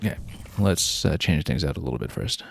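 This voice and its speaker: A man's voice: extremely low pitch, expressive, brisk, gravelly, husky. A man streaming a video game, thinking aloud and planning his next moves with casual fillers. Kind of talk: casual gameplay commentary.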